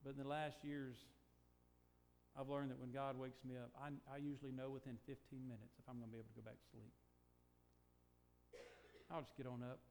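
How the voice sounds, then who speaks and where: An older man preaching a sermon, moving from quiet, reflective talk to slow, emphatic declarations. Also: mid-range voice, flat delivery, slight background noise. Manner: preaching, swings from hushed to emphatic, stretched slow phrases. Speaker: pastor.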